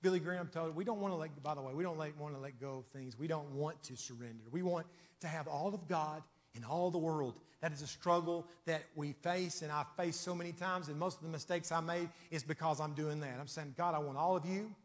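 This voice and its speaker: A man preaching a sermon in a church, with emphatic, rhythmic repetition that swings from loud declarations to hushed asides. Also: a little high, brisk. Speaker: pastor. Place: church sanctuary. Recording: long church reverb.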